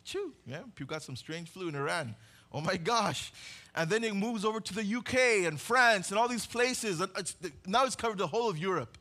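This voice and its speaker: Bright and forceful, this pastor's high, expressive voice moves fairly quickly. He preaches through a vivid story, performing the characters' voices and building toward an impassioned climax.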